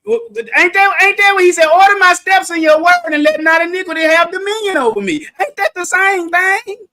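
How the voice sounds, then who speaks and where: A man leading a livestreamed Bible study in a playful, animated way, breaking into sudden shouts for emphasis and calling on listeners. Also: very high-pitched, fairly quick.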